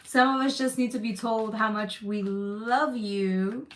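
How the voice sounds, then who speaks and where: Her voice sits on the high side, steady and a bit bright, and she speaks unhurriedly while doing a live tarot reading for her chat. Emphatic and comforting, she repeats herself, swears casually, and is sometimes near tears.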